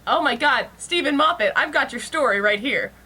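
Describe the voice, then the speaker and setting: High, bubbly woman co-host. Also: animated, fairly quick, bright, forceful tone, breathy edge. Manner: bubbly, laughs a lot, pushes recommendations eagerly. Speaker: podcast co-host. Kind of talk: casual chat.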